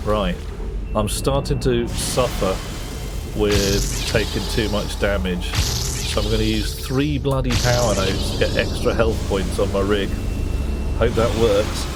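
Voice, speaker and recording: Male streamer, chatty gameplay talk, loud game music under the voice. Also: on the low side. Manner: chatty, reads chat aloud, swears mildly. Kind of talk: casual gameplay commentary.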